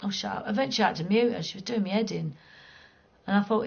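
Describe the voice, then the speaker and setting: A woman's voice: medium pitch, fast talker, gravelly, muffled recording. A middle-aged woman with a London accent, chatting casually and bluntly with viewers during a game stream, cheeky and swearing freely. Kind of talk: casual chat.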